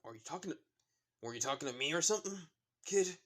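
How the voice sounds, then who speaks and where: A man's voice: on the high side, lively intonation, fast talker, a bit bright. A man voicing a burly, easygoing single father who talks plainly, close to his own voice.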